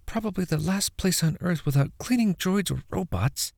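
A man's voice: high-pitched, expressive, normal speed, gravelly, a little mellow, no room sound, clean studio sound, voice pushed up. A man voicing an anxious teenage girl. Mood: grumbling. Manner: nervous, grumbling under her breath.

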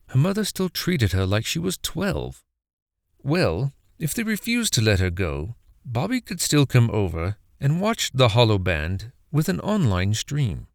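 Male storyteller, horror narration, gravelly voice, lively pitch, dry close-miked sound. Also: no echo. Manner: expressive, dramatic storytelling.

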